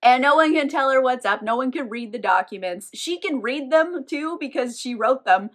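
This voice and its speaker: A woman's voice: sits high, lively intonation, moderate pace, a bit bright. A young woman casually recapping a novel on camera. She talks irreverently, says "like" constantly and laughs often. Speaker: book reviewer.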